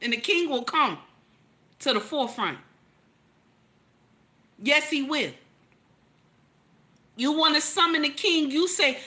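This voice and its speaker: A woman's voice: sits high, animated, a little slow, long pauses, sharp tone. Emphatic woman giving relationship advice. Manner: emphatic, repeats lines for effect, teasing rhetorical questions. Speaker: relationship commentator. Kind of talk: animated relationship advice commentary.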